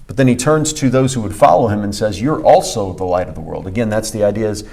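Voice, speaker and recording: A man's voice: fairly low pitch, fast talker, creaky, darkish tone. A man co-hosting a church podcast, teaching conversationally and emphatically, repeating key phrases with frequent fillers. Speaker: pastor and podcast co-host.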